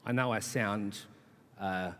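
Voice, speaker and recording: A man's voice: fairly low pitch, fairly even intonation, slow pace, a bit bright. A man, a charity leader, giving an impassioned conference speech with rhetorical repetition and wry asides. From Australia. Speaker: charity CEO, conference speaker. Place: conference hall. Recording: long hall reverb.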